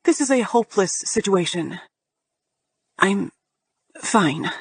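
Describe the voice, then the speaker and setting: A woman's voice: medium pitch, animated, takes it slowly, slightly rough, no room sound. A woman narrating a first-person romance audiobook in a sardonic, profane, emphatic way.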